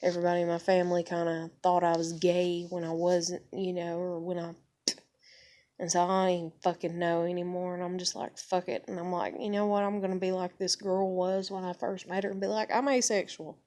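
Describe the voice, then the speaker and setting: A woman's voice: fairly low pitch, completely flat delivery, brisk, dark tone. A woman in her thirties ranting to camera in a casual vlog, rambling, heavy with swearing, upset and near tears. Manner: profane, rambling, heated. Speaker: vlogger.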